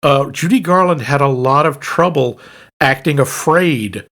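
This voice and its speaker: A man's voice: fairly high pitch, unhurried, a bit bright. Enthusiastic man sharing movie trivia. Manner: enthusiastic, laughs often, shares trivia. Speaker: podcast co-host. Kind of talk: casual movie chat.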